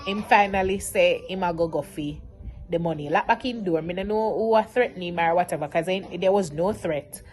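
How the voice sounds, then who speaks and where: A woman, telling a storytime vlog in an animated, emotional way. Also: fairly low pitch, fairly quick. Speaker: vlogger.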